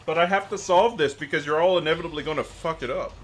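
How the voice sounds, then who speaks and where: A man streaming live, chatting casually in an animated, exasperated way with frequent laughs. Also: fairly high pitch, quick pace, soft background music.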